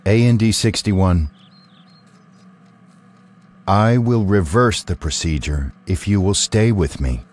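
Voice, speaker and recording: An earnest male robot, voiced by a man, talks in careful, complete sentences. His voice is very deep. He sounds sincere and almost human. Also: slow, pauses often, darkish tone. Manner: earnest, pleading, carefully worded.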